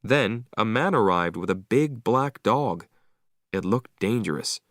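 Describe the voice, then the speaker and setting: A man reading a story aloud slowly and clearly for English learners, with expressive delivery. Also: on the low side, dry recording, studio quality. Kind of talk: slow read-aloud story narration.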